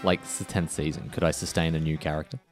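A man's voice: a bass voice, little pitch movement, quick pace, soft background music. A man co-hosting a podcast in a jokey, rambling casual chat, with the microphone right at his lips. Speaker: podcast co-host.

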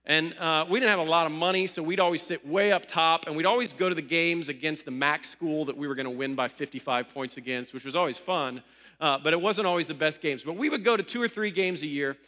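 A man's voice: a little high, fast, bright, forceful tone. A young man from Ohio preaching a sermon, telling stories in a conversational way with joking asides. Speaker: pastor. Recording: long hall reverb.

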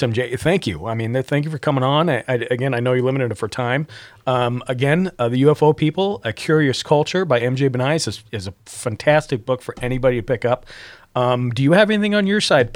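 Fast-talking laid-back male podcast host. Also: mid-range voice, lively intonation, dry recording. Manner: loose, laughing, swears. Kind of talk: casual podcast chat.

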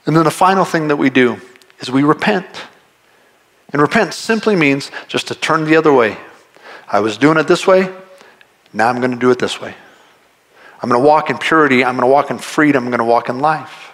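A man's voice: medium pitch, brisk, long pauses, fairly bright tone. A man preaching a sermon to a congregation, direct and earnest, driving points home with repeated phrases. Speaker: pastor.

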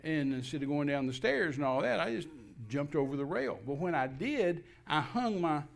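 A man with a somewhat high voice recounts a personal story as a talk show guest. He tells it in an animated way and acts out each scene. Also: moderate pace, creaky. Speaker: minister and guest speaker.

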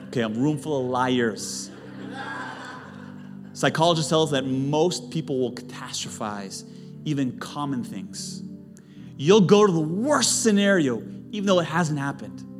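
A male pastor delivering a lively sermon, swinging from quiet, intimate stretches to loud, emphatic peaks. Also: medium pitch. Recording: long hall reverb, faint music.

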